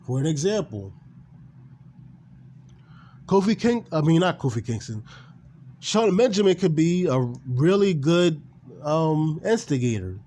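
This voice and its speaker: A man's voice: fairly high pitch, very animated, measured pace, long pauses, dark tone. A man ranting casually and with animation about wrestling, swearing and repeating himself. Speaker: gaming and wrestling commentator. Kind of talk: casual opinion rant.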